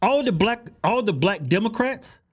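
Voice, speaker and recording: A man co-hosting a comedic political talk show, teasing and correcting his co-host with loud bursts of laughter. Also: high-pitched, expressive, normal speed, slightly rough.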